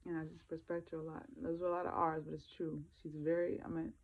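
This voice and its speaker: A woman vlogging on her phone, crying and halting, with many fillers and soft laughs. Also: sits low, completely flat delivery. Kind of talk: emotional casual phone vlog. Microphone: handheld phone. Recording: phone-like lo-fi sound.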